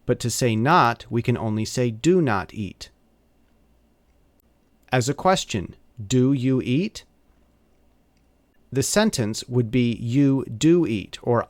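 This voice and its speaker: Slow, deliberate man teaching grammar. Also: medium pitch, a little mellow, no echo. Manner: measured, deliberate, slows on example phrases. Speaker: English teacher. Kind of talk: scripted grammar lesson narration.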